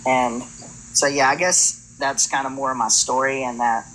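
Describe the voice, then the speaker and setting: A man's voice: medium pitch, fairly even intonation, normal speed, sharp tone, slight background noise, rough recording. A man on a live call telling a personal story in a hesitant way, full of fillers. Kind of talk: casual storytelling.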